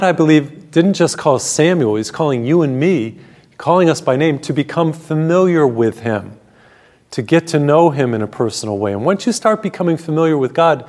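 A priest preaching on his television program. His voice sits at a middling pitch for a man, and he tells Bible stories in a warm, storytelling way, slowing down when he reads scripture. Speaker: Catholic priest and TV program host. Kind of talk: televised sermon.

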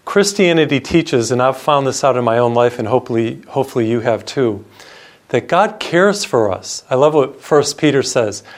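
A man's voice: medium pitch, lively intonation, normal speed. Earnest middle-aged male preacher. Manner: earnest storytelling preacher, repeats phrases for emphasis. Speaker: priest. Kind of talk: radio sermon.

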